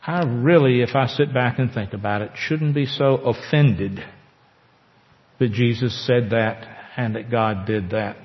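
A man preaching a sermon as pastor, earnest, with slow emphatic pauses. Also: medium pitch. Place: church sanctuary. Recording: echoey church hall, dull lo-fi sound.

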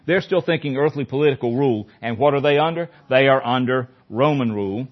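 A man's voice: mid-range voice, fairly quick, few pauses. A man leading a Bible study in a conversational teaching style, often repeating phrases for emphasis. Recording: dull lo-fi recording.

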